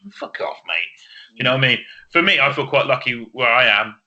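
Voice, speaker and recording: A man hosting a podcast in casual chat, excitable and sweary, laughing often. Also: mid-range voice, fast talker, muffled recording. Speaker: podcast host.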